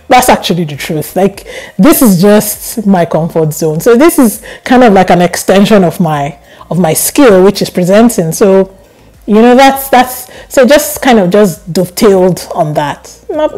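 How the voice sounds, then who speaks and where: A young woman vlogger chatting casually to camera, telling stories with animated laughs. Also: mid-range voice, rough recording. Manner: animated storytelling, laughs often.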